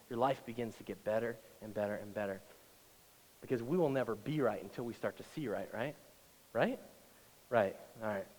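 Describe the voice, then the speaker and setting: Man preaching in a reverberant church hall. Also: fairly high pitch. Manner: conversational preaching, rising to loud emphatic passages. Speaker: pastor. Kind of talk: sermon. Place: church auditorium.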